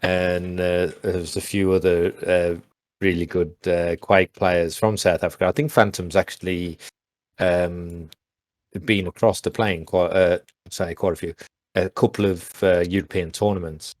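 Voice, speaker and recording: A man's voice: deep voice, level tone, unhurried, darkish tone, no echo, clean studio sound. A man chatting casually as an interview guest, telling stories with lots of fillers and restarts. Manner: rambling, many restarts and fillers. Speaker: interview guest, former pro gamer. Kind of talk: casual storytelling on a call.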